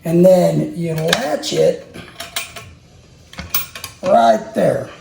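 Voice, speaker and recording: A middle-aged vlog host shows off a kitchen gadget in a casual how-to demo, making self-mocking jokes and thinking aloud as he works. His high voice swings widely in pitch and moves very slowly with vocal fry. The echoey kitchen is noisy, with dishes clattering.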